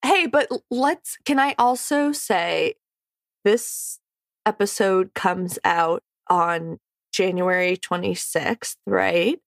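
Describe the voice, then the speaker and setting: A woman's voice: mid-range voice, slow pace, vocal fry, no echo, studio quality. A woman podcast host speaking earnestly and encouragingly, then reading the show credits. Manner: warm-hearted, earnest, encouraging. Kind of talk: casual chat and show credits.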